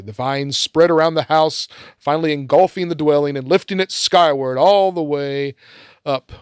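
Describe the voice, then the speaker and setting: A man's voice: mid-range voice, clear, resonant tone, dry recording. A man hosting a casual film podcast, narrating the plot step by step with dry asides.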